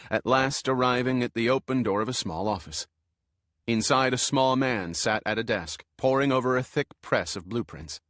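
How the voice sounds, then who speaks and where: A man narrating an audiobook in a measured, steady way. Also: medium pitch, no room sound, studio quality.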